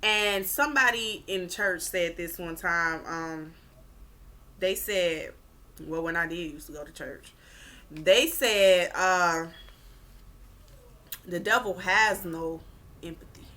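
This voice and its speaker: A woman's voice: on the low side, slow pace. A woman vlogger giving blunt relationship advice in a casual rant, swearing and repeating her points for emphasis. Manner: animated, acts out quoted people.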